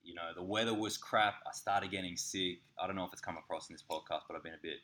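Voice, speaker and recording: A man, co-hosting a casual podcast and telling candid, sweary stories with lively impressions. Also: low-pitched, fast. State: slightly sick. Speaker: podcast co-host. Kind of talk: casual chat.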